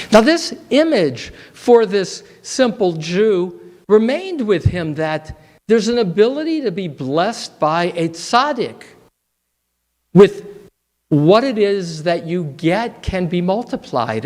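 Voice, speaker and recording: A man, a rabbi, giving a sermon in a measured, reflective storytelling manner. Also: high-pitched.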